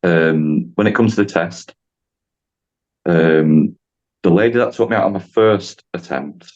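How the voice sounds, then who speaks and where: Deep-voiced man, rambling storyteller. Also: unhurried, darkish tone, muffled recording. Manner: chatty, rambling, acts out dialogue with voices. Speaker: driving instructor guest. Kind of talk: casual podcast storytelling.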